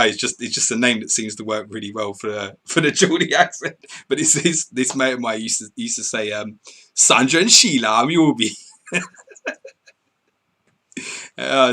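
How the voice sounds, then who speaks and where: A man hosting a live stream, chatting casually, reading out score updates and viewer messages in an excitable way. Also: fairly low pitch. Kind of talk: casual live commentary and chat.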